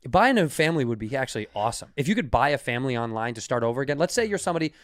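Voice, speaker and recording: A man's voice: mid-range voice, very animated, very fast, heavy background noise. A man on a comedy podcast chatting casually and riffing wryly. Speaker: podcast co-host. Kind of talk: casual chat.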